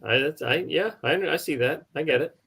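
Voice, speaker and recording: A man's voice: fairly high pitch, a little fast, fairly bright tone, breathy edge. A man co-hosting a sports podcast, reacting with laughs and stammered questions. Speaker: podcast co-host. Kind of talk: casual sports chat.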